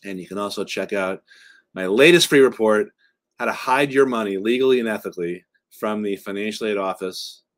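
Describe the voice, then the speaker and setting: A man's voice: on the low side, a little fast. A middle-aged man, a college admissions consultant, explains things casually with wry, offhand jokes and plenty of fillers.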